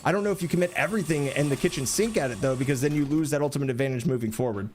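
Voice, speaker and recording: A man casting an esports match, explaining plays analytically and getting excited during fights. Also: mid-range voice, very fast, slight background noise. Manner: analytical, asks rhetorical questions, rises excitedly during action. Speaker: esports caster. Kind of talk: play-by-play commentary.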